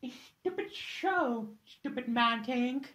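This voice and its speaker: A woman voicing an imperious, vengeful aristocratic vampire lady in a fan voice impression, talking slowly and theatrically, swinging between hissed whispers and shouts. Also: a little high, expressive. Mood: scheming, hushed.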